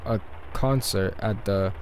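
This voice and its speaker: A man's voice: fairly low pitch, takes it slowly, a little mellow, slight background noise, voice pushed down, poor audio. A man reading as a formal letter-writing patron. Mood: grand.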